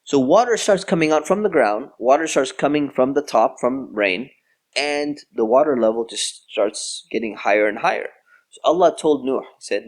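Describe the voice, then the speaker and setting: A man's voice: mid-range voice, moderate pace. A man giving a storytelling religious lecture in a conversational, casual way. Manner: conversational, relaxed with casual fillers. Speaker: Islamic lecturer.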